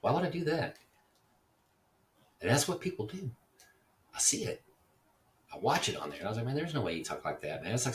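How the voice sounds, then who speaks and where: Middle-aged male podcaster, deep voice, crude rambling rant, distant mic with faint noise behind. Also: fairly bright tone, reverberant. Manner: rambling and profane, laughs at his own jokes. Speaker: podcast host. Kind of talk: casual solo podcast rant.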